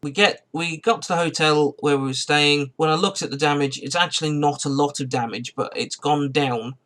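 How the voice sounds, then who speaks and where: A man's voice: a little high, fairly even intonation, normal speed, fairly bright tone. A man who has just got out of bed, telling a rambling, digressive story to camera in a car vlog and often correcting himself. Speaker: car vlogger.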